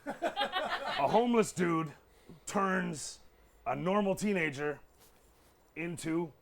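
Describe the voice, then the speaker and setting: A man's voice: high voice, very animated, slow, vocal fry. A man performing short-form improv comedy on a small stage, talking in a sly, salesman-like patter. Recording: stage mic with audience noise.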